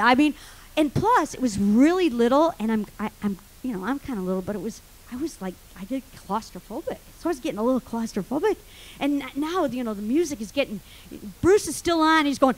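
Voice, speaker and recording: A woman with a notably high voice tells a comic personal story live on stage. She acts out her panic vividly, swinging between hushed asides and shouted cries for help. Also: lively intonation, moderate pace, poor audio.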